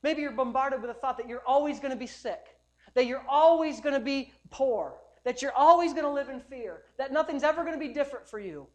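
A male pastor preaching a sermon at a church service, emphatic and repetitive, building up to loud declarations. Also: very high voice, brisk.

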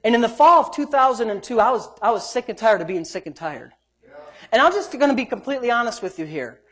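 Man preaching, loud then muttered. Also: lively intonation, quick pace. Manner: storytelling, swings between loud emphatic preaching and low muttered asides; acts out quoted speech. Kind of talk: sermon with personal testimony.

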